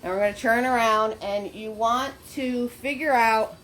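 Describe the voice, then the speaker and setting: Chatty, high-voiced woman teaching painting. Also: steady tone, measured pace, a bit bright. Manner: chatty and encouraging, laughs often, greets viewers by name. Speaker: paint party instructor. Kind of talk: live online painting lesson. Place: her home studio, indoors. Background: faint background music.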